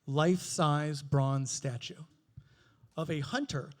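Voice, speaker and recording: High-voiced man doing animated stand-up. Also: slow. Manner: animated, swearing, mimics voices with big pitch jumps. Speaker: stand-up comedian. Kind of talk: stand-up comedy set. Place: comedy stage before a live audience.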